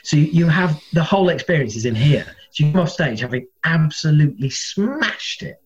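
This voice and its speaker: A man, a comedian and guest, telling stories in a casual, animated way and acting out other people's voices. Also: a little high, brisk, muffled recording. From England. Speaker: guest, comedian and former metal singer. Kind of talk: casual storytelling.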